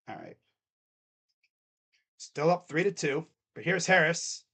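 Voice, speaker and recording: A man calling live fan play-by-play, jumping to shouts on big plays and dropping to muttered asides between them. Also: on the high side, slow, pauses often. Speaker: fan commentator.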